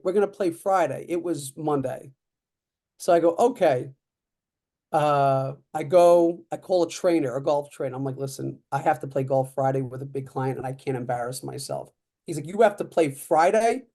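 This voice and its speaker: Man, 30s, podcast guest; fairly high, mellow voice, animated storyteller who acts out dialogue. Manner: frequent fillers like "uh" and "like". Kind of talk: casual storytelling.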